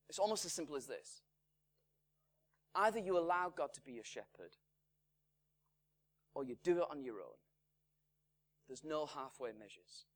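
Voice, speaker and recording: In a church in Salford, a pastor preaches in a fairly high male voice, speaking slowly and with deliberate care. His volume climbs to forceful emphasis, then drops away to hushed, quiet phrases.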